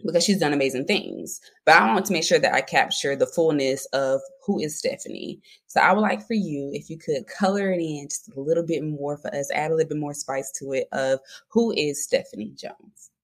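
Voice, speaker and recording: A woman's voice: low voice, fairly quick, hardly any pauses. A woman from Alabama with a Southern accent, hosting a podcast interview in an upbeat, chatty way. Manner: upbeat, chatty, says "y'all" often. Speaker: podcast host. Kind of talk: casual interview chat.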